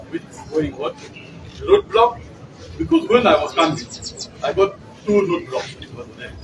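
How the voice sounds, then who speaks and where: Ugandan candidate at a press brief, lively pitch, distant mic in a noisy room. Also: male voice. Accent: Ugandan English. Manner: animated, retells exchanges with voiced quotes. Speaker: by-election candidate.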